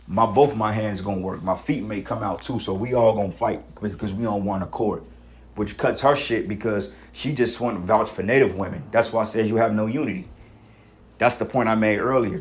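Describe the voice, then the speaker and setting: A man giving a casual spoken rant about a religious topic, blunt and confrontational, with profanity and rhetorical questions. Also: on the low side. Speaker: member of a religious group giving commentary.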